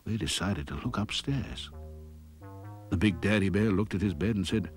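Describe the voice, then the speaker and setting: A man reading a fairy tale aloud as an expressive storyteller, sometimes sinking to a whisper. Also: deep voice, normal speed, soft background music. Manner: lively, expressive, dropping to a whisper at quiet moments. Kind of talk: scripted storybook narration.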